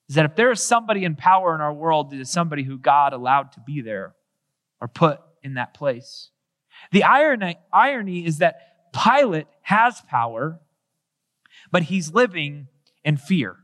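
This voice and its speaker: Man preaching earnest sermon, high voice, long reverb, rhetorical questions. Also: lively intonation, normal speed, a bit bright. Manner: earnest, rhetorical questions, acts out quoted dialogue.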